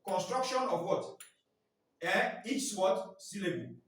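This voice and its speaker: Guy teaching phonics, kinda high voice, super echoey room far from the mic. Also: very animated, unhurried, fairly bright tone. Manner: quizzing, asks "what?" and waits for answers. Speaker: teacher trainer. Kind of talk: phonics training lesson.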